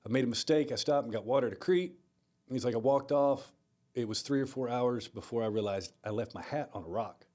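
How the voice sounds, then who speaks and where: Male podcast co-host, relaxed storyteller, lowers voice for serious moments. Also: brisk. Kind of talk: casual chat, storytelling.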